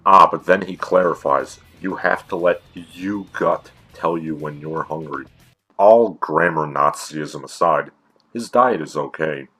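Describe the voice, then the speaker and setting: A man with an extremely low, husky voice delivers a scripted comedy review. His asides are dry and sarcastic, and faint music plays behind him. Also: pushed and bright. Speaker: video reviewer and host.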